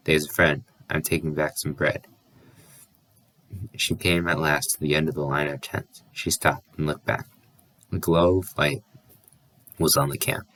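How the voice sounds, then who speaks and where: A man's voice: very deep voice, a bit bright. A man reading a novel aloud as an audiobook, with small slips and restarts. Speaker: audiobook reader.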